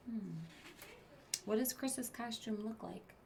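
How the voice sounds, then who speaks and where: A woman teacher reading a storybook aloud to children at an unhurried pace. She pauses to explain words and quiz her listeners, sometimes dropping to a whisper. Her voice is bright and clear. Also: medium pitch, slight background noise. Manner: stops to explain words and ask children questions; drops to whispered asides.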